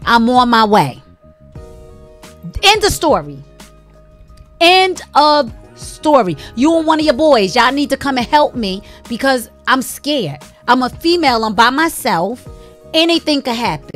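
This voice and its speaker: Higher-voiced emphatic female radio co-host. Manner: emphatic, opinionated, animated storytelling. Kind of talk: casual call-in radio chat.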